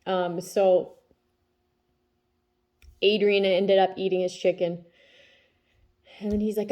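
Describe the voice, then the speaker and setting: A woman's voice: mid-range voice, little pitch movement, slow pace, long pauses, dark tone. A woman in her thirties, a tarot reader talking casually about her day and her kids, often checking in with "okay?" as she goes. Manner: chatty, tags lines with "okay?". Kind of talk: casual spiritual vlog talk.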